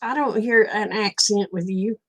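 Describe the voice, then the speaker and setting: This livestream host, an Oklahoma native with the accent to match, talks casually with viewers and tells folksy stories, laughing often. Her voice is medium-pitched and a bit bright, at a moderate pace.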